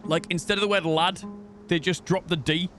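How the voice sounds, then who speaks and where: A man's voice: high-pitched, fairly even intonation, moderate pace, a bit bright, faint music behind. A man from the UK with a British accent, chatting casually to viewers during a game live stream, rambling, self-deprecating and swearing now and then. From United Kingdom.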